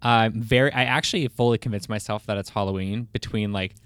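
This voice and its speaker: A man's voice: on the low side, brisk, fairly bright tone, clean tone, no echo. A man co-hosting a podcast in casual, rambling chat full of fillers. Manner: rambling, laid-back, lots of fillers. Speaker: podcast co-host.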